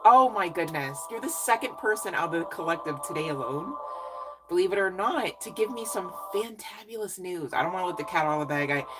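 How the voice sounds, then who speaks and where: Low-pitched woman psychic reader, warm-hearted cheerleading chat, music underneath. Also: expressive, fast, rough recording. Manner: effusive, encouraging, chatty with many fillers. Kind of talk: casual live reading chat.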